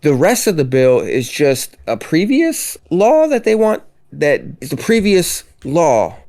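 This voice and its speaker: A man who works as a teacher, co-hosting a podcast in relaxed, halting casual chat. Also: on the high side.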